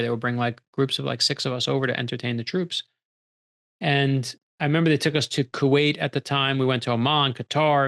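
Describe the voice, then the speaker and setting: A man's voice: medium pitch, vocal fry, fairly bright tone. A middle-aged male author being interviewed, telling stories animatedly and acting out the quoted dialogue. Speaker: author guest. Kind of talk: storytelling interview conversation.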